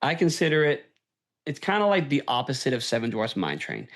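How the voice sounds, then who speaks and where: A man's voice: mid-range voice, huge pitch swings, brisk. A man hosting a podcast, chatting casually and with enthusiasm, often checking in with "right?". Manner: enthusiastic, tags "right?" onto points. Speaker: podcast host. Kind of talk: casual chat.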